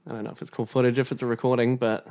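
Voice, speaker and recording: A man co-hosting a comedy podcast, speaking hesitantly with deadpan setups. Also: mid-range voice, rapid-fire. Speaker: podcast co-host.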